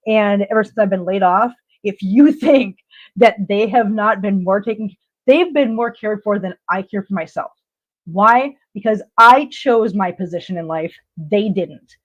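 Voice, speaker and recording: A woman's voice: medium pitch, measured pace. An emphatic woman talks straight to her viewers on a live stream, calling things as she sees them and repeating herself for weight. Her voice sits mid-range, and the stream audio is slightly dull and lo-fi. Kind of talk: casual live chat reading viewer comments.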